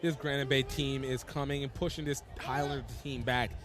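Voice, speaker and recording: A man giving steady live play-by-play commentary on a rugby match outdoors. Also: mid-range voice, brisk.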